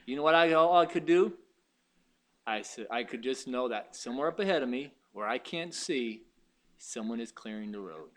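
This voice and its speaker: A man preaching a sermon, telling stories and swinging from quiet asides to loud, high exclamations. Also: animated, moderate pace. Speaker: pastor.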